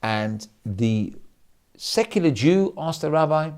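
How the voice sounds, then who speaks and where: A man, a rabbi, giving an animated sermon full of stories, acting out quotes with frequent restarts. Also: on the high side, moderate pace. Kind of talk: sermon storytelling.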